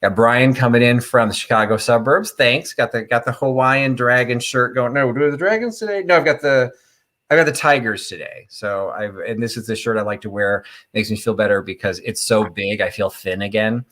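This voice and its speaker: A man's voice: fairly low pitch, a bit bright. A middle-aged man from Illinois hosting a live online vintage sale, chatting in a rambling way and greeting viewers by name. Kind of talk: casual live-stream chat.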